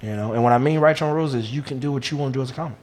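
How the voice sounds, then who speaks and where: A man's voice: medium pitch, very fast, a little mellow. A young man, chatting casually as a comedian guest, joking and boastful with lots of slang. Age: 20s. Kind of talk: casual podcast chat.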